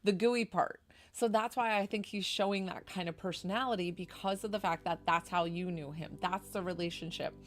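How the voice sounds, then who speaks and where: A woman's voice: fairly low pitch, steady tone, moderate pace, few pauses, slight background noise. A woman from New York doing a chatty, effusive psychic reading on a live stream. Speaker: psychic medium.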